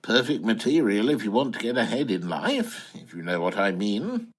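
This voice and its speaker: An actor playing a bumbling, posh English retiree, flustered and hesitant in a comic audio drama. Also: male voice, on the low side, very animated, moderate pace. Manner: flustered, posh, hesitant, wildly swooping delivery. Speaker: lead character and narrator.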